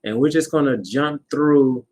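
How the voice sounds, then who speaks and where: A man co-hosting a live-streamed spiritual talk, walking through his points in a relaxed way and checking in with "right?". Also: medium pitch, a little slow. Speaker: co-host of a spiritual channel. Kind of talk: live-streamed casual discussion.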